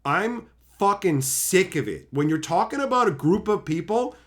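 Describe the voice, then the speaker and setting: Heated, swearing man with a lively pitch. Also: normal speed, slight background noise. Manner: heated, sarcastic, swears constantly; mocking voices of imagined critics. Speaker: channel host. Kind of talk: profane opinion rant.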